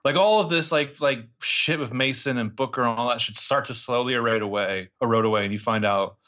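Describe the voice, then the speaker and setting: A man's voice: brisk, dull audio. A man co-hosting a casual podcast chat, recapping a TV episode and acting out the characters' lines. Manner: animated, acts out characters' lines with big pitch jumps.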